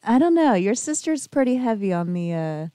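A woman's voice: a little high, big pitch swings, normal speed, warm tone, no room sound, studio quality. A woman co-hosting a casual podcast chat, teasing and chatty as she talks. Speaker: co-host. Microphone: dry podcast mic, turned away from camera.

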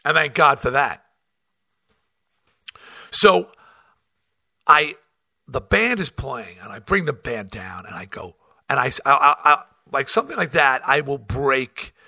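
Man, rock front man, gravelly husky voice, sharp bright tone, casual profane storytelling, many restarts. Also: mid-range voice, a little slow, pauses often, no echo, clean studio sound. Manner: animated, acts out quotes, frequent restarts; blunt and profane. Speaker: rock band front man telling tour stories.

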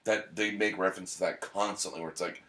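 In a loose podcast chat, a man with a lowish voice explains a show to his co-host, rambling, joking and slipping into quick tangents. His delivery is pushed and bright with fairly even intonation, and the room sounds echoey.

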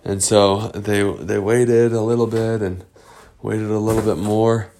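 A man improvising a bedtime story for a child, unhurried, explaining words along the way. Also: fairly low pitch, level tone, dark tone.

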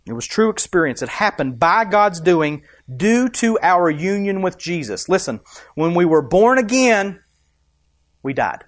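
A man's voice: sits high, big pitch swings, a little slow, no room sound. A man preaching a sermon, emphatic and rising and dropping for effect, asking the congregation questions. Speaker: pastor.

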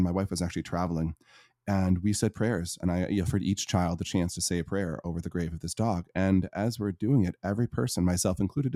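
A middle-aged man speaks with a low, mellow voice, earnest and reflective as he answers questions. The sound is dry and close, with no room around him. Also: dry recording. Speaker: guest, Catholic life coach for men.

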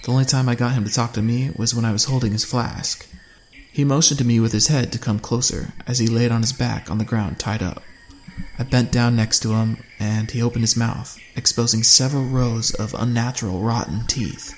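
A man narrating a first-person survival story in a steady, measured way. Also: mid-range voice, a little hiss or hum.

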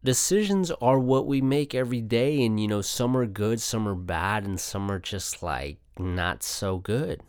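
A man's voice: on the low side, lively intonation, measured pace, few pauses, a little mellow, clear, resonant tone, no room sound, studio quality. A young man hosting his own podcast alone, talking casually in a loose, profane, rambling way. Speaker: podcast host. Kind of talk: casual solo podcast chat. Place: home setup, Arizona.

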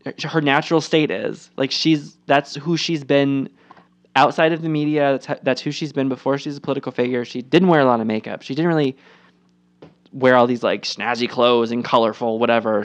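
A man chatting casually as a podcast co-host, animated and profane, often slipping into quick impressions. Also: mid-range voice. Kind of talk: casual chat.

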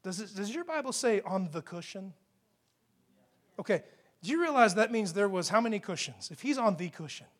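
A man with a notably high voice preaches a sermon into a microphone. He keeps it conversational and emphatic, checking in with his listeners with quick questions as he goes. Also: expressive, fairly bright tone. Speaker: pastor.

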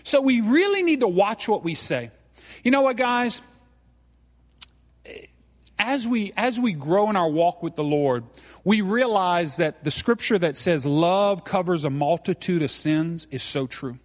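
A man's voice: high-pitched, expressive, a little slow. A Cajun man preaching a live sermon as pastor, folksy and joking, tagging his points with "okay?". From South Louisiana. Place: church. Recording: reverberant hall.

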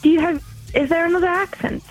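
High-voiced woman chatting, music faint. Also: fairly even intonation, fast, low-quality recording. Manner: laughing, self-deprecating. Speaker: guest voiceover actress. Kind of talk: casual podcast banter.

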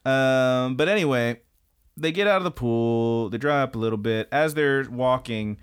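A man co-hosting a podcast, recapping an anime in casual chat, swearing freely and acting out the characters' lines in quick put-on voices. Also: mid-range voice, smooth. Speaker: podcast co-host.

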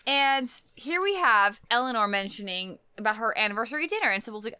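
A woman co-hosting a casual podcast, giggling as she retells film scenes and quickly acts out the characters' lines. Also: on the high side, lively intonation, pushed and bright, clean tone, no room sound. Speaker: podcast co-host. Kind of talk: casual chat recapping a film.

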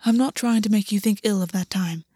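A woman voicing a stern fey man who is a tender but commanding lover, speaking in a measured, quietly intense way. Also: medium pitch, husky, no room sound, studio quality, lightly acted. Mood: intent. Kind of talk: audiobook reading.

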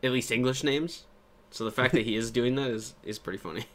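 A man's voice: mid-range voice, fairly quick, a bit bright. Male co-host, mid-range voice, chatty and giggly, goofy rambling delivery. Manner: laughs often, jokey and rambling. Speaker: podcast co-host. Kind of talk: casual chat.

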